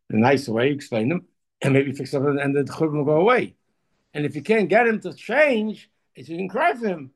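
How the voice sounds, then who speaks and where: A man giving an informal Torah talk, halting and repeating words, then pressing his points with emphatic urging. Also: mid-range voice, darkish tone. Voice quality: gravelly, husky voice. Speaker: Torah teacher.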